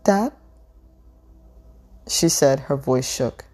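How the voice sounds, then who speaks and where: A woman reading a novel aloud in a measured, unhurried way, with an occasional stumble over a word. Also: deep voice, expressive, a little mellow.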